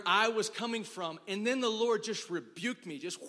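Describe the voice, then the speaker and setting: A man's voice: high voice, expressive, moderate pace, few pauses, bright, forceful tone. A man from Dallas preaching a sermon, telling a story in a casual, chatty way with lots of "like" and acted quotes. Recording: long hall reverb.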